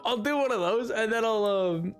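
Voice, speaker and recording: A man's voice: high voice, moderate pace, soft background music. A man live-streaming a game, chatting casually and playfully with his viewers, rambling and pleading in mock protest as he reacts to chat. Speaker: livestreamer. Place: home streaming setup. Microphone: desk microphone.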